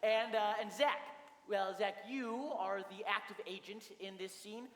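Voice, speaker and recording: Young man as a fussy, condescending drama teacher, bright and high, stammers, echoing hall. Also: fairly even intonation, a little slow. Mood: pompous. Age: young adult. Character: pompous fussy male high-school drama director. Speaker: drama teacher character in a school play. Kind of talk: stage comedy acting. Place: school stage. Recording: echoey school auditorium, faint room noise.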